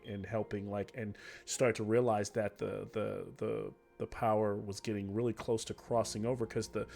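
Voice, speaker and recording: Gravelly man running a tabletop game. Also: fairly low pitch, a little mellow. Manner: loose, chatty narration with fillers. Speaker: game master.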